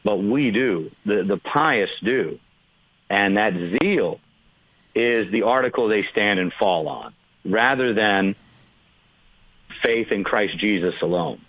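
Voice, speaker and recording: A man's voice: fairly low pitch, slow, long pauses, no room sound, dull audio. A man, a pastor, explaining theology in an earnest, emphatic way during a podcast discussion.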